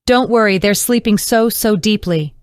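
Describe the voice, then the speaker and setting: A woman voicing a condescending female ship AI with a high-pitched, yelping voice. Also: moderate pace, no echo, close to an everyday voice. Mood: chirpy.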